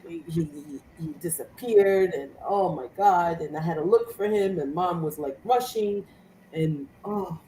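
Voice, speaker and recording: Animated woman in an echoey room. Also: fairly low pitch, a little slow, far from the mic, slight background noise. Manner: animated storyteller, laughs often. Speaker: co-host of a crafting live show. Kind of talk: casual chat.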